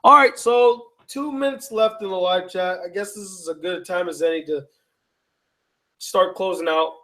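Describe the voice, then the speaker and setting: A man's voice: high-pitched, moderate pace, bright, forceful tone. A tired, yawning man hosting a live chat, reading viewer comments and bantering back with loose, profane teasing. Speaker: YouTube channel host.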